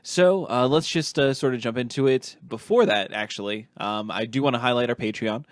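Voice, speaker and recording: A man's voice: mid-range voice, brisk, no room sound. A man hosting a casual podcast, rambling through his points with many fillers and restarts. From Ohio. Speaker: podcast host.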